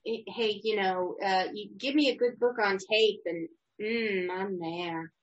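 A woman's voice: medium pitch, slow pace, a crowd in the background. A woman co-hosting a podcast, easygoing and giggly in casual chat. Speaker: podcast co-host. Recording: dull lo-fi recording.

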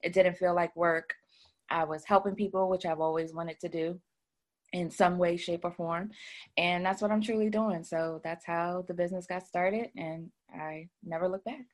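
Her voice fairly low and steady at a moderate pace, a credit repair business owner talks informally as an interview guest, sharing her story with frequent fillers.

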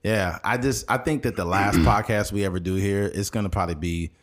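A man's voice: fairly low pitch, a little fast. A man co-hosting a podcast, telling stories in casual chat and breaking into mocking impressions, with a California accent. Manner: animated storyteller, jumps into loud mocking impressions. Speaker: podcast co-host.

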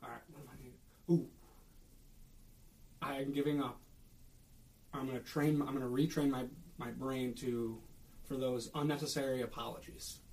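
A man's voice: mid-range voice, fairly even intonation, normal speed, vocal fry, long pauses, a little mellow. A young man with a Minnesotan accent, co-hosting a casual podcast chat and telling stories in which he acts out his coworkers. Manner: storytelling, acts out coworkers' voices. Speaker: podcast co-host.

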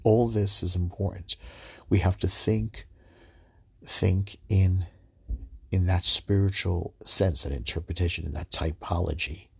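A man, giving a halting, earnest devotional reflection and reading scripture aloud, often repeating and restarting words. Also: steady tone, no echo. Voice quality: very deep, gravelly, husky voice. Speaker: preacher.

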